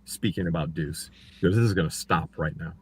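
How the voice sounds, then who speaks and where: A brisk male voice, with a faint hiss or hum underneath, chats casually on a livestream about his court case. He performs other people's quotes with lively, wide pitch leaps.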